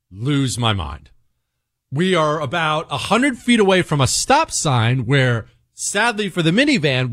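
Slightly high-voiced, this middle-aged man hosts a talk radio show, delivering animated, emphatic stories peppered with jokes at his own expense.

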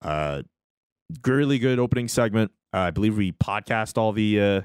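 A man's voice: on the low side, moderate pace, smooth, no room sound. A man hosting a sports radio show in a studio, chatting casually and upbeat. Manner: lively, laughs easily, upbeat. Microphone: studio mic.

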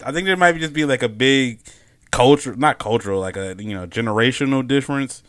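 A man's voice: medium pitch, a bit bright, smooth. A young man in casual chat, swearing freely, laughing and acting out what others say. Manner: profane, laughing, acts out others in quick voices.

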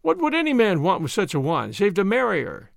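A man voicing a blunt, scolding old Boer woman who talks in a shrill, loud way. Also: huge pitch swings, brisk, creaky, dry recording, studio quality, heavily acted. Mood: insistent.

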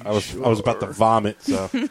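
A man's voice: on the low side, wildly swooping pitch, fast talker, a crowd in the background. A man co-hosting a podcast, talking hesitantly and defensively, often restarting his sentences. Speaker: podcast co-host. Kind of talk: casual banter.

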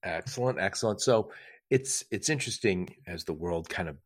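A middle-aged man hosting a podcast interview, chatty and quick to laugh as he asks questions. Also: low-pitched, lively intonation, slightly rough. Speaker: podcast host.

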